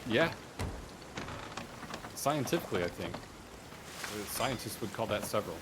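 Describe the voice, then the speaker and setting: A man in casual gaming chat with a dry, deadpan way of joking. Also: lowish voice, unhurried, heavy background noise. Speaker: guest gamer.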